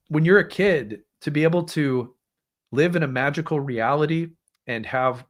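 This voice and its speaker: A man in his thirties hosting an astrology show, telling a personal story in a candid, self-deprecating way and laughing often. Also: on the high side. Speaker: astrology host.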